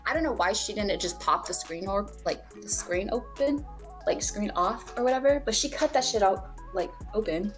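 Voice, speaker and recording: A woman's voice: mid-range voice, lively intonation, moderate pace, soft background music. A young woman co-hosting a podcast, casually telling a personal story, swearing freely and acting out what people said. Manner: candid, swears freely, acts out quoted dialogue. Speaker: podcast co-host.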